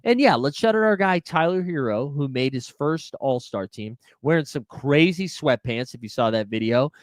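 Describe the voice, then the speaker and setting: A man hosts a live fantasy sports stream, fielding viewer questions in a chatty, laid-back, jokey manner packed with filler words. His mid-range voice is expressive and moderately paced, recorded with clean studio sound and no echo.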